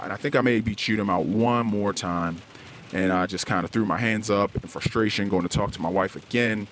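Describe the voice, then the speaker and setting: A middle-aged man hosting a podcast, telling a personal story in a candid, halting way, often restarting and searching for words. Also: fairly low pitch, fairly bright tone, a little hiss or hum. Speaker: podcast host. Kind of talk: personal confessional podcast monologue. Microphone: podcast microphone, self-recorded.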